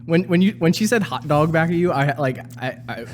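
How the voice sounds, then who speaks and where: A man's voice: on the high side, lively intonation, a little fast, a little hiss or hum. A man co-hosting a casual podcast, chatting along and laughing at the story. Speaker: podcast co-host.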